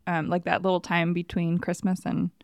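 A woman co-hosting a podcast in casual chat, easygoing and quick to laugh. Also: on the low side, monotone, vocal fry, a little mellow, no echo, clean studio sound. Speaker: podcast co-host.

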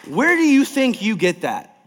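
A man preaching a sermon as pastor of a large church, emphatic and energetic, swinging from loud to soft. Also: high voice, moderate pace, in a large hall, a little hiss or hum.

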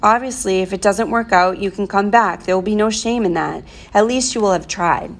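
A woman voicing a calm, deliberate middle-aged father who speaks in a measured, quietly firm way. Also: mid-range voice, close to an everyday voice.

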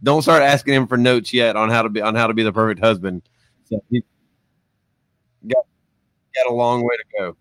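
A man's voice: mid-range voice, steady tone, moderate pace, long pauses, a bit bright, no room sound. A man hosting a casual live show, upbeat and chatty, with many ums and uhs, speaking into a studio mic. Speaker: livestream show host. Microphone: studio mic with headphones.

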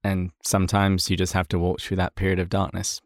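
A man's voice: deep voice, monotone, fairly quick, no room sound, studio quality. A man co-hosting a faith podcast in casual chat, friendly and encouraging. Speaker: podcast co-host.

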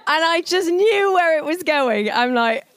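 A woman in her forties giving an informal, storytelling sermon at a church service. She talks in a chatty way, laughing often and filling pauses with plenty of ums. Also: very high-pitched, animated, a bit bright, slight background noise. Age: 40s. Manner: chatty, laughing, many fillers. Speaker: church speaker.

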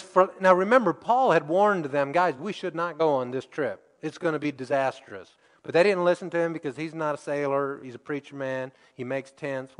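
Man preaching in an echoing hall. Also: on the high side. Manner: emphatic, teaching verse by verse. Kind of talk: sermon.

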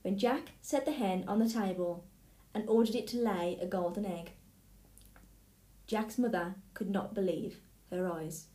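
A woman reading a fairy tale aloud in a clear, steady way. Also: mid-range voice, unhurried. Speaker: storyteller. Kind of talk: storybook read-aloud. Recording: echoey room.

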